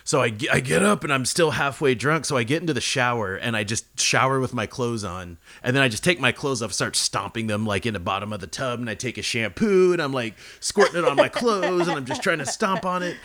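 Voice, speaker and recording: A man co-hosts a casual podcast with a bright, ringing voice. He tells stories in a loose, rambling way, full of swearing and restarts. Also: mid-range voice, fairly quick, few pauses. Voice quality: profane, rambling storyteller. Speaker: podcast co-host. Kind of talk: casual chat, storytelling.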